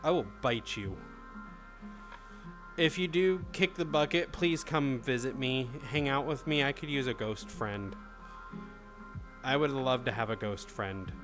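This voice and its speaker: Casual male streamer, mid-range voice, loose and profane, quiet music underneath. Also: mid-range voice, measured pace, pauses often. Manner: chatty, swears freely, reads chat aloud. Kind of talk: casual live-stream chat.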